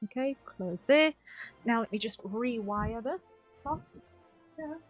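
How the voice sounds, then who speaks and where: A woman's voice: on the high side, animated, takes it slowly, breathy edge, soft background music. A young woman streaming from home at her desk mic, chatting casually while playing, rambling and correcting herself. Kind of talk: casual gameplay commentary.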